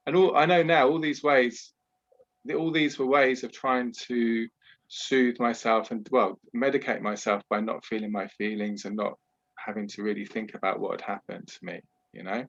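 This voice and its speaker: Man, podcast guest, low register, candid and measured storyteller, muffled lo-fi sound. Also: fairly even intonation, a bit bright. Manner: candid, measured, with many "you know" asides. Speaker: podcast guest, trauma healer. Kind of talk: reflective personal storytelling.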